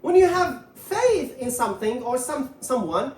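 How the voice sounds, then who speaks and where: High, lively English teacher in a roomy space. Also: female voice, measured pace, few pauses, distant mic. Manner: patient, repeats words to stress syllables. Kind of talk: grammar lesson.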